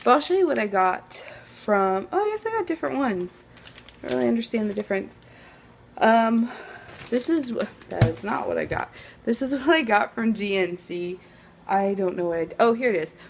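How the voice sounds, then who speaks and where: A young woman vlogs casually at home, talking to her phone camera and rambling with plenty of fillers. Her voice sits at a medium pitch, with slight background noise behind it.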